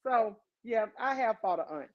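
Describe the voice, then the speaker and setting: Lively woman podcast host, fairly high voice. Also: moderate pace, muffled recording, heavy background noise. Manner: animated, profane, talks straight to listeners. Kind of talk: casual comic storytelling.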